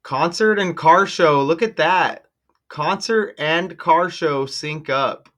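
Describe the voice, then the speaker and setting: A man hosting his own channel, talking casually and excitedly to viewers while walking through on-screen material, exclaiming often. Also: fairly high pitch, slow. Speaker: channel host decoding news numbers. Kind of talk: casual screen-share commentary.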